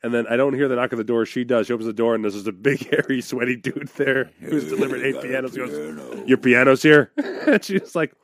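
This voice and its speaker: A man's voice: medium pitch, steady tone, brisk, gravelly, no echo, clean studio sound. A man co-hosting a podcast, telling a story in casual chat and laughing often. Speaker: podcast co-host.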